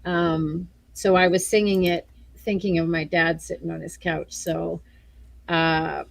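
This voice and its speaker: A woman's voice: fairly low pitch, flat delivery, measured pace, gravelly, no room sound. A woman guest on a video-call show, talking through tears in a rambling way and laughing often. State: crying. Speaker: featured guest singer. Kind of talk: emotional interview chat.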